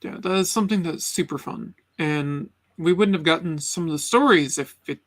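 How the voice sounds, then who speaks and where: A middle-aged man from the Boston area hosting a casual live chat, laid-back, pausing on ums and chuckling often. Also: a little high, fairly bright tone.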